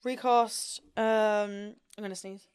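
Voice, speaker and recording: A woman co-hosting a podcast in casual chat, bubbly and quick to swear and laugh. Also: medium pitch, fairly even intonation, smooth, dry recording, studio quality. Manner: bubbly, swears a lot, bursts into loud laughter. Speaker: podcast co-host.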